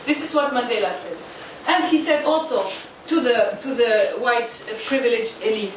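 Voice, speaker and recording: Woman, lecturer, emphatic and animated, high voice, distant mic, very echoey hall. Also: normal speed. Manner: emphatic, uses volunteer demonstrations. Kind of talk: interactive lecture. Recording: echoey hall from far off, faint noise.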